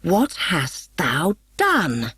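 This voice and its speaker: A woman voicing a stern, commanding male fairy king, speaking slowly and deliberately. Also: deep voice, animated, husky, no room sound, heavily acted. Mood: vexed.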